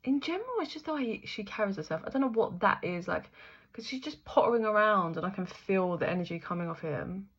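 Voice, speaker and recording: A woman's voice: mid-range voice, brisk, fairly bright tone, lo-fi sound. A young woman giving a casual, chatty spiritual reading, full of fillers, the odd swear word and frequent laughter. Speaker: intuitive reader.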